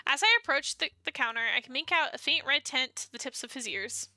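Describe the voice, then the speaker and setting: A woman's voice: sits high, a little fast, few pauses, sharp tone, dry recording, faint music behind. A young woman streamer reading a dating sim aloud in first person and reacting with playful, laughing asides.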